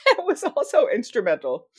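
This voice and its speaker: A woman's voice: on the high side, wildly swooping pitch, normal speed, darkish tone, slightly rough, no echo, clean studio sound. A middle-aged American woman, a historian, telling a self-deprecating story in a casual interview. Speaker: guest historian. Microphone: wearing headphones at a mic.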